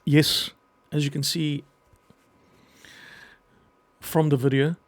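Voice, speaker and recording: A middle-aged man speaking earnestly and emotionally in a personal message to camera, pausing often as he talks. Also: fairly high pitch, flat delivery, no room sound. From half Greek. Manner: earnest, halting, emotional, with pauses. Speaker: vlogger and children's book writer.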